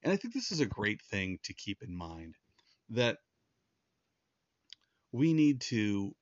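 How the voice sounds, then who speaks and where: A man's voice: lowish voice, very animated, slow, no room sound, highs cut off. A man preaching a sermon in an earnest, conversational way, often restarting his sentences. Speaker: pastor.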